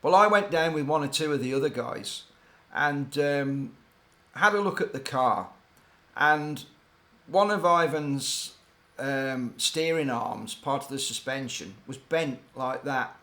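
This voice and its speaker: A man's voice: medium pitch, takes it slowly, bright, forceful tone. Older man rambling through racing stories. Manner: rambling, digressive, hesitant. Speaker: former racing team mechanic telling stories. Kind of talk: casual anecdotal storytelling.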